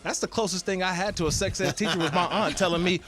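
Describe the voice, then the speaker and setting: A man's voice: high-pitched, fast, a crowd in the background. A man co-hosting a sports radio show, telling funny stories in casual chat. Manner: lively anecdotes with swooping delivery. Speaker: radio co-host. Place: radio studio.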